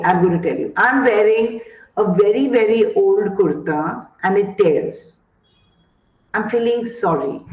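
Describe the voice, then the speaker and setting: A woman lectures teachers in an expressive, drawn-out way. Her delivery is slow and deliberate. The call audio is roomy and a little muffled. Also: medium pitch. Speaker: guest speaker on education.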